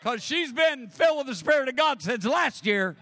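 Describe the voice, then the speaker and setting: A male preacher with a high, lively voice that leaps up and down as he tells a comic story, acting out voices and laughing along. His voice is close and dry, but a long reverb from a large church hangs behind it. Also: moderate pace, slight background noise. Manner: animated storytelling, acts out voices, laughs often. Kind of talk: sermon with humorous story. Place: church sanctuary.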